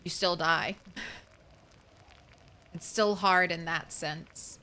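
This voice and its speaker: Slow, unhurried delivery from a young woman live-streaming a survival game. Her voice is bright and forward, and her chat is loose and casual, with the odd curse and plenty of remarks to the creatures on screen. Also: on the low side, steady tone. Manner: chatty, swears casually, talks to the game animals. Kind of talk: casual gameplay commentary.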